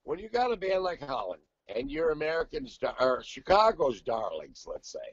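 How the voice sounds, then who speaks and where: An older man, a guest singer, telling stories in a brash, profane, animated way in casual chat. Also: fairly high pitch, moderate pace, no room sound, highs cut off.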